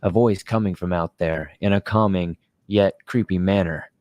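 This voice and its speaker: Man calmly reading a creepy tale. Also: low voice, no room sound. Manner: steady, measured first-person reading. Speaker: story narrator. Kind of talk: scripted narration of a creepy story.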